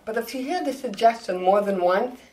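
Woman comic telling stories in an interview, animated, does little voices for the people she quotes. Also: fairly high pitch, fairly quick, rough recording. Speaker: comedian, guest. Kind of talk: storytelling interview answers.

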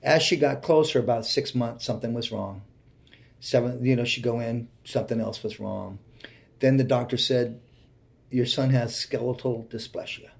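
In an interview, a guest in his forties earnestly relates a personal experience, his delivery heartfelt and often falling quiet. His voice is gravelly and medium in pitch, at a normal speed.

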